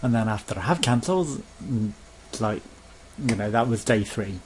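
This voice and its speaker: A man's voice: lowish voice, expressive, moderate pace, background noise. A man in a casual rambling rant to camera, swearing freely and now and then mimicking pushy phone sales staff. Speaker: vlogger.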